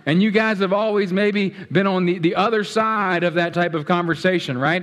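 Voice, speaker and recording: A man's voice: high-pitched, normal speed, few pauses, a bit bright. A man preaching a sermon as pastor, talking directly and playfully to his congregation. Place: church sanctuary. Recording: echoey hall.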